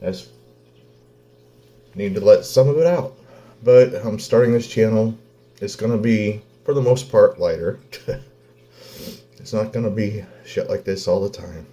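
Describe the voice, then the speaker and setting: Tearful, cursing dad. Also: male voice, lowish voice, warm tone. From Oklahoma. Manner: blunt, heavy swearing, halting pauses. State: close to tears. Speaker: vlogger, father. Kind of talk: emotional personal vlog.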